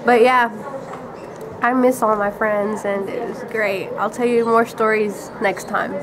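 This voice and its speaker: A woman's voice: fairly high pitch, fairly even intonation, measured pace, noisy background. Rambling teenage girl telling a story. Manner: rambling, giggly, lots of "like". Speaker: vlogger. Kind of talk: casual storytelling.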